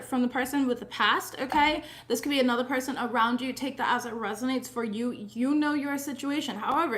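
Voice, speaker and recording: A woman's voice: high-pitched, a bit bright. A young adult woman giving a casual tarot reading, chatty and profane, often laughing. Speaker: tarot reader.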